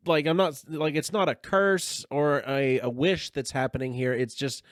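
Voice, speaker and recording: A man's voice: fairly high pitch, steady tone, moderate pace, dry recording, studio quality. A man with a Southern US accent co-hosting a casual podcast chat, rambling with lots of fillers and sidebars. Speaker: podcast co-host.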